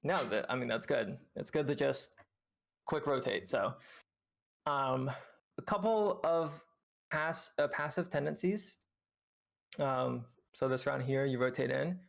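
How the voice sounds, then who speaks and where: Gravelly male game coach explaining. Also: medium pitch, expressive, unhurried, long pauses. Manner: patient, explanatory, many fillers. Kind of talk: reviewing gameplay with a student on stream.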